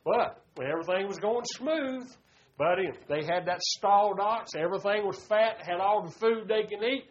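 A man's voice: high voice, moderate pace. A man, preaching a folksy sermon and calling his listeners "buddy.". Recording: dull lo-fi recording.

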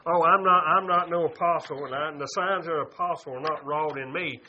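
Guy preaching, high voice, folksy, kinda muffled lo-fi recording. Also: fairly even intonation, brisk, sharp tone. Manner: folksy preaching, calls listeners "buddy". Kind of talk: sermon. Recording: dull lo-fi recording.

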